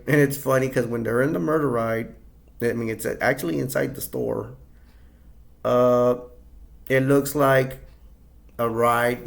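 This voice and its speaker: A man's voice: mid-range voice, creaky. A man casually retelling a movie scene, rambling with many restarts and fillers. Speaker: movie reviewer.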